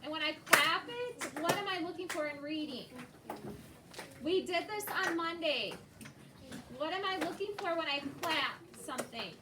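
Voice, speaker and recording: Teacher, woman, high voice, patient questioner, recorded from afar in a noisy classroom. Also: animated, normal speed. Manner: patient, prompting questions to students by name. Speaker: second grade teacher. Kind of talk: classroom instruction. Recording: echoey classroom, distant noisy mic.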